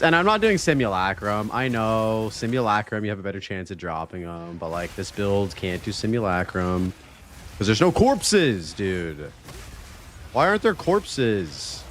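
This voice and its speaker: A man chatting to his stream chat while he plays, and his pitch leaps around when something surprises him. He swears freely and stays excitable, over a faint hum of room ambience. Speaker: game streamer. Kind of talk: casual live-stream chat while gaming.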